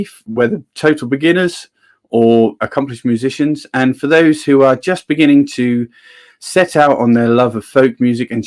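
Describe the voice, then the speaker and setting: A man's voice: mid-range voice, darkish tone. A man hosting a livestream in casual chat and reading viewers' comments aloud. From England. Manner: chatty, reads out viewer comments. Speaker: livestream host.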